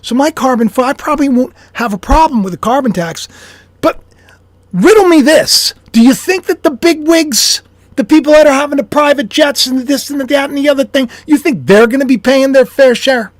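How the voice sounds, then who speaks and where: Man, high-pitched, dry sound, rambling self-deprecating vlogger musing aloud. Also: fairly quick, no echo. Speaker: YouTuber and author. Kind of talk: casual speculative monologue.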